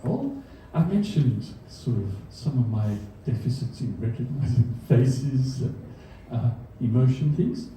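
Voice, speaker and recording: An Australian man gives a comedy science talk on a comedy venue stage before a live audience, with dry, self-deprecating humor, chuckling at his own jokes. His mid-range, mellow voice has lively intonation and a slightly slow pace with hardly any pauses. Captured by a distant mic in an echoey hall, the audio carries a little hiss or hum.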